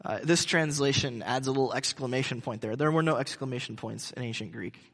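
A male pastor giving a conversational sermon, halting with frequent restarts. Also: mid-range voice, fairly bright tone, in a large hall.

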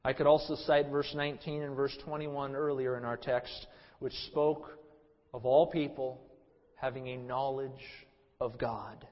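A man in his thirties preaching a sermon as pastor, impassioned, swinging from loud emphasis to a low hush. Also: steady tone, measured pace. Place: church sanctuary. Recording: muffled sound in a hall with long reverb.

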